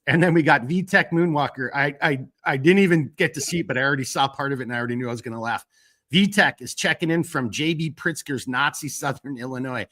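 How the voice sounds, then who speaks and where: A man hosting a live stream, chatting casually and rambling through fillers while reading out viewer shout-outs. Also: medium pitch, quick pace. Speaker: host of a live stream talk show.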